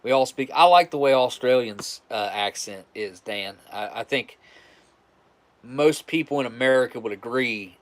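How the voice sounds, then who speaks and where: A livestream host from West Virginia speaks with a West Virginian accent at a medium pitch and normal speed. He chats casually and rambles, restarting his sentences as he goes.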